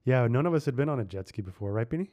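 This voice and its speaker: A man runs a relaxed family podcast, keeping things playful and laughing easily as he questions his kids. His voice sits at an ordinary middle pitch. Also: very fast, highs cut off. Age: adult. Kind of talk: casual family podcast chat.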